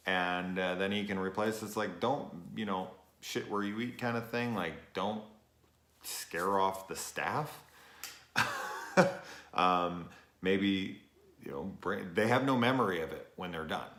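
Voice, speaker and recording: A young man giving a rambling, casual late-night review, tired, swearing often and filling pauses with ums and uhs. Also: deep voice, fairly bright tone. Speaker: show reviewer. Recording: echoey room.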